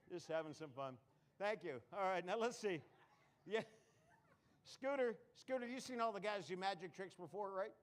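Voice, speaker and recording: A man's voice: sits high, moderate pace, pauses often. A man performing a comedy magic act on a live stage, full of puns and self-mocking jokes. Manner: punning, self-mocking, jokey.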